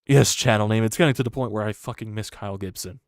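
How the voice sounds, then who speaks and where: A man ranting about his team on a live stream, swinging between loud outbursts and low muttering. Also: fast, no echo, studio quality. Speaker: sports fan streamer. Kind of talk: live-stream sports rant.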